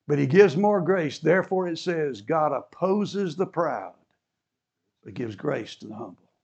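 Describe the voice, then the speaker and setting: Man preaching a sermon, fairly high voice. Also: creaky, a little mellow, slightly rough. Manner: preaching with rising fervor, acting out the quoted speakers. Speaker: pastor.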